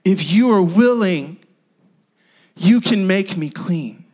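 A man voicing a desperate outcast male leper who shouts in a high, strained voice. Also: animated, slow pace, exaggerated voice. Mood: pleading.

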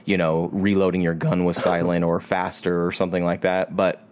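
A man's voice: low voice, completely flat delivery, moderate pace, a little mellow. A man hosting a casual podcast chat, explaining a video game at length with plenty of fillers. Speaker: podcast host. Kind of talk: casual chat about games.

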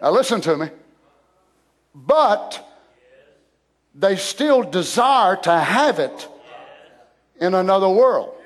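A man preaching a fervent sermon, building to emphatic shouted peaks. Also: high-pitched, big pitch swings, slow pace, long pauses.

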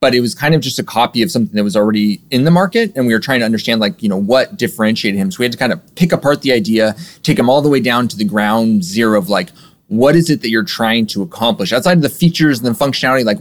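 A man who runs a software agency, answering interview questions in a relaxed, explanatory way with frequent fillers. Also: medium pitch, fast talker. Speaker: guest, software agency owner.

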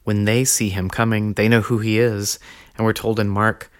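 Low-voiced man teaching a scripture podcast. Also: little pitch movement, moderate pace. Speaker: podcast host teaching on early Christianity.

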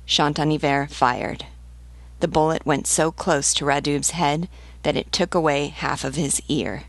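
A woman teacher reading a novel aloud in a measured, steady way. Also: deep voice, dry recording.

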